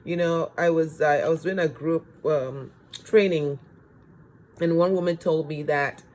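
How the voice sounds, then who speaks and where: A man's voice: on the high side, fairly even intonation, measured pace, a little mellow. A man giving a recorded self-help lecture as course instructor, earnest, putting rhetorical questions to the listener and repeating phrases for emphasis.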